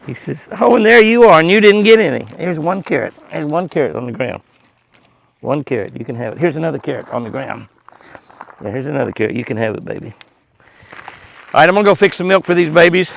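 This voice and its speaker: Older guy chatting away to his deer outside, kinda gravelly, chuckles a lot. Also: medium pitch, fairly bright tone. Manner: chatty, folksy, chuckles often, talks to animals. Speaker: ranch vlogger. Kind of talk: casual outdoor vlog narration. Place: outdoors by an animal pen at dusk.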